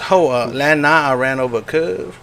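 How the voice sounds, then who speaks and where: A man's voice: fairly high pitch, normal speed, gravelly, a bit bright. A young man co-hosting a podcast, teasing his friend and steering the talk back to the show. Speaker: podcast co-host. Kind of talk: casual chat.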